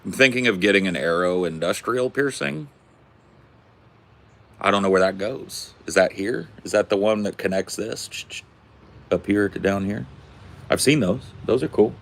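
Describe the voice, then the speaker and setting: Laid-back deep-voiced man in his forties. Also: normal speed, gravelly, long pauses, a bit bright. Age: 40s. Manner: laid-back, joking, rambling. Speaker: streamer answering viewer questions. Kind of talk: casual chat.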